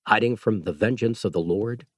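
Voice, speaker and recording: A man's voice: on the low side, normal speed, no room sound, studio quality, natural voice. A man voicing a tired, grim hospital doctor in an audiobook.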